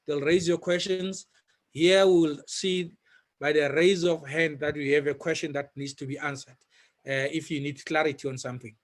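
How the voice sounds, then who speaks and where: A South African man moderating a Q&A, asking questions in a deliberate, hesitant way. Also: on the high side.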